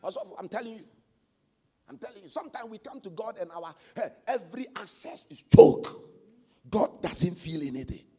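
A man preaching a sermon as pastor, swinging from quiet asides to loud shouted exhortation. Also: sits high, lively intonation, moderate pace, slightly rough.

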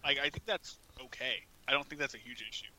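A man's voice: medium pitch, fast, bright, forceful tone, a little hiss or hum, poor audio. A man co-hosting a casual podcast, talking in a rambling way full of filler words. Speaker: podcast co-host.

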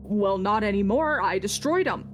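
Woman doing a gruff old cheese seller. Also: medium pitch, animated, moderate pace, slight background noise, close to an everyday voice.

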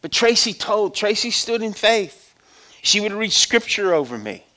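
High-voiced man preaching a testimony. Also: big pitch swings, unhurried. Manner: conversational, swings from loud exhortation to hushed storytelling. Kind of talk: sermon testimony.

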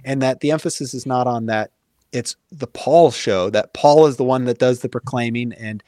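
A man's voice: mid-range voice, moderate pace, warm tone, dry recording, clean studio sound. Earnest man explaining at length. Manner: earnest, thoughtful, many fillers and restarts. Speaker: guest. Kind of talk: casual conversational explaining.

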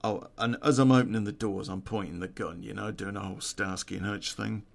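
A man's voice: lowish voice, steady tone, brisk, vocal fry. A man, telling a true-crime story in a casual, profane way and laughing at his own story.

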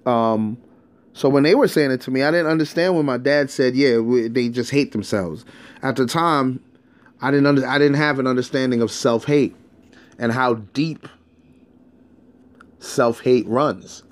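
A man recounts his life in a loose, unscripted monologue. His talk is streetwise and blunt, full of repeated words and restarts. His voice sits at an ordinary pitch for a man. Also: normal speed, long pauses. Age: adult, past his teens. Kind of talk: casual personal storytelling monologue.

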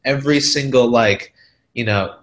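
Male talker, mid-pitched, loose filler-heavy storytelling, animated retellings. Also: normal speed. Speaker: real estate investor. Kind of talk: casual storytelling.

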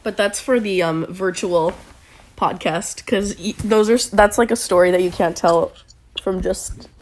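A woman's voice: medium pitch, unhurried, darkish tone. A woman guesting on a podcast, chatting casually, teasing bluntly and swearing freely. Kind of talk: casual chat.

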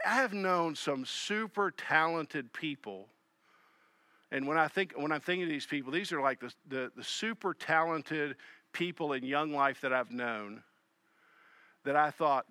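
A man preaching a sermon, acting out the voices of people in his text and swinging between loud emphasis and soft, low asides. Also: dry recording. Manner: animated, acts out voices of Jesus and Peter.

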